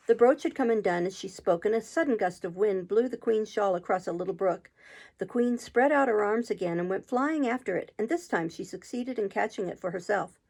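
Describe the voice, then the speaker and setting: A woman reading a children's classic aloud, narrating in a calm, steady way. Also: mid-range voice, brisk, creaky. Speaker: channel host reading a book aloud. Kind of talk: storybook narration.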